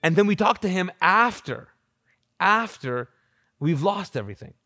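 A male pastor preaching live in a church, talking in a conversational, animated way and asking the crowd questions. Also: high-pitched, a little slow, no echo, studio quality. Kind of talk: sermon. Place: church auditorium.

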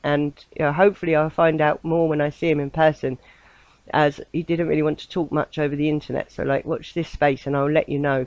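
A woman's voice: low-pitched, darkish tone, no room sound, low-quality recording. An English woman hosting a spiritual radio show, talking in a casual, meandering way with many fillers and a ready laugh. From England. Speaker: host. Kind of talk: casual rambling radio monologue.

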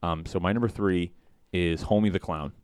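A man co-hosting a casual chat, retelling scenes in an animated way. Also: low voice, normal speed, clean tone, dry recording, studio quality. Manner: animated storyteller, acts out scenes.

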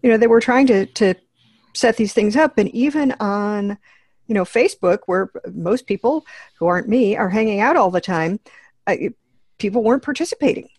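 A woman on a podcast, chatting casually in a halting way with many fillers. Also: mid-range voice, animated, darkish tone, no room sound. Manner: halting, many "you know"s and restarts. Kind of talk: casual chat.

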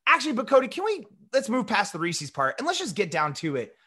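An animated male podcast co-host, his high voice swooping widely as he jokes. He sounds bright and forward, often tripping over restarts in loose banter. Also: fast, breathy edge. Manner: animated, joking, frequent restarts.

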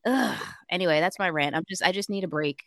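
A woman's voice: fairly low pitch, fairly quick, dry recording, studio quality. A young woman co-hosting a radio talk show, chatting casually, laughing often and venting in an exasperated way.

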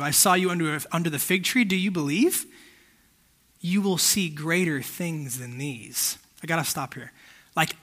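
A man's voice: high voice, sharp tone. A young man giving a casual, conversational sermon that keeps checking in with his listeners.

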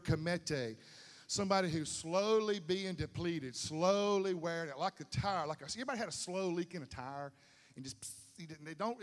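A man preaching a sermon, folksy and repetitive, building to emphatic peaks. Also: on the high side. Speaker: pastor. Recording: long hall reverb.

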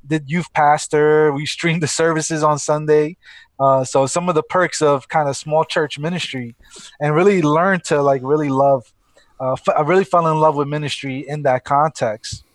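Earnest Brooklyn-born pastor on a call. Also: male voice, a little high, fairly even intonation, normal speed, dry recording. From Brooklyn, New York. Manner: earnest, with many "you know" and "man" fillers. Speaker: church planter, podcast guest. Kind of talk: interview answers. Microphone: call line.

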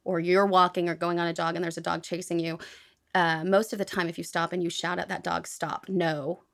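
Gravelly-voiced woman co-host, chatty. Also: on the low side, level tone, fast. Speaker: podcast co-host. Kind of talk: casual chat.

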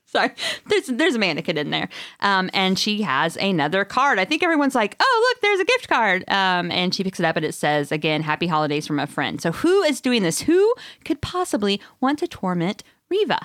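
Woman host, lively giggly storyteller, smooth voice, dry close sound. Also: medium pitch, fairly quick, no room sound. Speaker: podcast host recapping a book. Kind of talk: casual chat.

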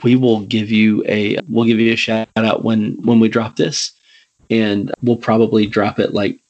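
Slow-drawling Southern man. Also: fairly low pitch, flat delivery, darkish tone, highs cut off. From Alabama. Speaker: podcast host. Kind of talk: casual interview chat.

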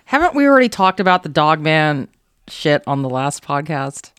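A woman co-hosting a podcast in casual comedic chat, quick to laugh and swearing freely. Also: low-pitched, big pitch swings, fairly bright tone, clean tone, no room sound, studio quality. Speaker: podcast co-host.

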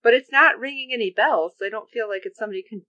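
Speaking rapid-fire in a higher voice, a woman co-hosts a podcast recapping a TV episode, breaking into animated performances of characters' lines. There's no room sound, and the lo-fi audio comes across dull.

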